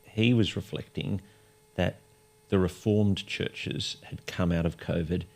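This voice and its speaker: A man's voice: low voice, steady tone, slow, creaky, darkish tone. A man hosting a conversational interview, speaking candidly and asking probing questions. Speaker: podcast host.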